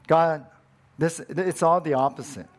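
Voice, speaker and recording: A man's voice: a little high, unhurried. A middle-aged man preaching a sermon as pastor, earnest and emphatic, repeating his key phrases for weight.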